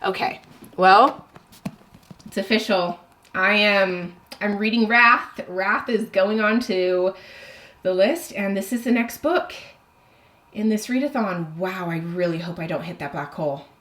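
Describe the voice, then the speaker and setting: A young adult woman book vlogger chatting casually at home, excitable and nervous as she plays a card game. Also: medium pitch, measured pace. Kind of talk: casual vlog chat.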